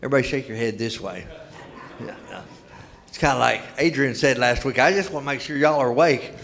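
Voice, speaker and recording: An older man's sermon echoes with a church hall's long reverb as he tells folksy stories in the sanctuary and repeats key words for emphasis. His mid-range voice is fairly quick, a bit bright, with vocal fry.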